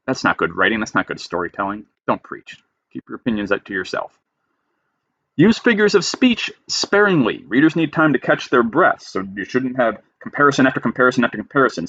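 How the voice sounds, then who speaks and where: Reading style rules one at a time, a creative writing instructor follows each with an emphatic, plain explanation. His fairly low voice sounds a bit bright, and the muffled recording has no echo.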